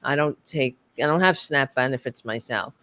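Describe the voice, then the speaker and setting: A woman's voice: a bass voice, moderate pace, a bit bright. A woman co-hosting a political talk podcast, speaking in an impassioned, profane, rambling way with many fillers. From United States. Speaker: podcast co-host.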